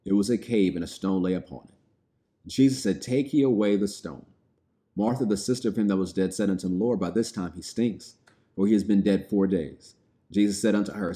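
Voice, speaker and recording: Low, mellow-voiced male preacher. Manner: reads scripture aloud then explains it plainly. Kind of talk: sermon.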